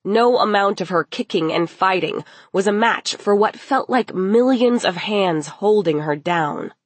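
A woman reading a dark novel aloud as narrator, in slow, measured, dramatic narration. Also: medium pitch, expressive, dry recording. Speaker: audiobook narrator.

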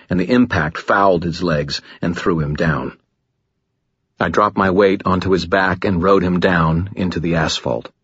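A man narrating a first-person audiobook, gritty and dramatic, low and steady, close to the mic, in a dull, muffled recording. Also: husky, no room sound.

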